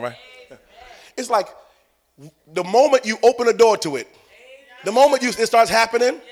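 Pastor guy preaching, aave, voice jumps all over, loud then hushed. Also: high-pitched. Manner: animated preaching, swinging from loud calls to hushed asides. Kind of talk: sermon.

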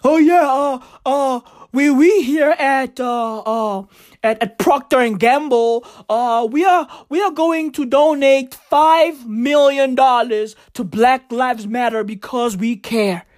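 A woman's voice: high-pitched, a little mellow. A woman doing a stammering corporate spokesman. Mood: flustered. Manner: halting, full of nervous "uh"s.

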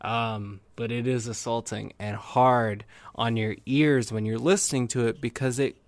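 Young man, casual movie review, excited and rambling, mid-range voice, dry close sound. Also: medium pitch, a little slow, dry recording. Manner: enthusiastic, rambling.

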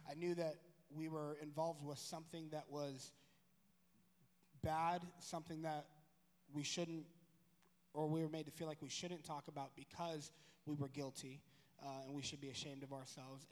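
A man telling a personal story in a casual, rambling way, correcting himself and growing animated. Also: on the high side, normal speed. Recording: long room reverb.

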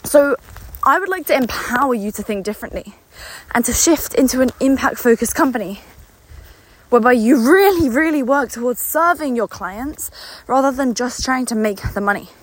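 A young woman, a business coach and company founder, gives business owners an unscripted pep talk in a slightly high voice that sounds dry and close with no echo. Lively in intonation and moderately paced, she is eager and a little out of breath, speaking from the heart and repeating words for emphasis.

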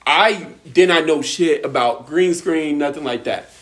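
A man's voice: a little high, a little slow, fairly bright tone. A young man in casual chat who jokes, swears freely and speaks earnestly about learning.

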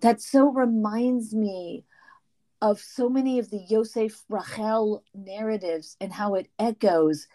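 A woman's voice: medium pitch, mellow. A woman co-hosting a casual discussion, openly moved and eager in her responses. She talks in an emotional, enthusiastic way. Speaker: podcast co-host. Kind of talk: conversational discussion.

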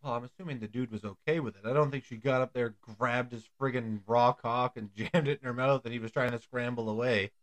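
A man's voice: medium pitch, fairly even intonation, a little fast, hardly any pauses. A man co-hosting a podcast, chatting casually in a blunt, profane way. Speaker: podcast co-host. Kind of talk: casual chat.

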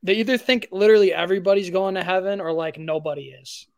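A man with a high voice chats in a lively, animated way during a livestream. The sound is dry and close, with no room around it. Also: fast, smooth, no echo. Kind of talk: casual livestream chat.

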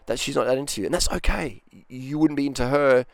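A man's voice: mid-range voice, quick pace, vocal fry, no echo. A man giving blunt dating advice in a rambling casual monologue, often acting out quoted voices.

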